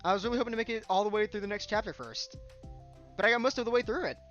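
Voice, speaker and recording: A man's voice: high-pitched, very fast, fairly bright tone, lo-fi sound, soft background music, voice pushed up. Give me a cheerful, eager teen girl who sounds earnest and bubbly, as a man puts her on.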